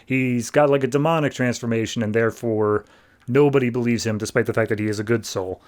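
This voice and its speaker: A man hosting a podcast, casually retelling a comic book plot, leaning on "like" and dropping into quick mock voices for the characters. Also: mid-range voice, steady tone, a little mellow. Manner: chatty storytelling, heavy use of "like", slips into quick mock voices for characters. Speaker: podcast host.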